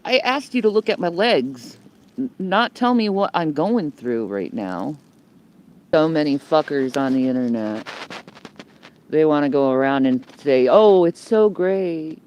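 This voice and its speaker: Sheltering under a building's overhang outside in the cold, a woman livestreams on a phone she holds herself, ranting about being homeless. Her low, darkish voice moves unhurriedly with lively intonation as she rambles combatively, swears heavily, and repeats phrases.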